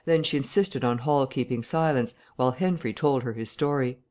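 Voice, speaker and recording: An audiobook narrator reading a classic novel in a steady, even storytelling manner. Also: medium pitch, moderate pace.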